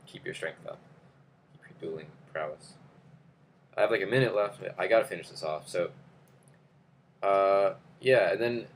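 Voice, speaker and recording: A young man with a very low voice tells a story to camera. He rambles casually, with lots of fillers and restarts. A faint hiss sits behind him. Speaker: vlogger.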